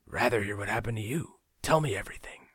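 A man's voice: lowish voice, animated, moderate pace, gravelly, husky, dry recording, clean studio sound, voice pushed up, heavily acted. A man voicing a cracked, weary, strangely aged stranger. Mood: guarded. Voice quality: cracked, weak voice. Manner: soft and withholding, drops into whispers. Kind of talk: audiobook character voice.

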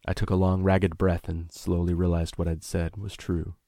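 A man reads a first-person audiobook in a measured, introspective manner. His voice sits very low with a gravelly fry. The sound is dry and close-miked. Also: level tone, dark tone, no room sound. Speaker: audiobook narrator.

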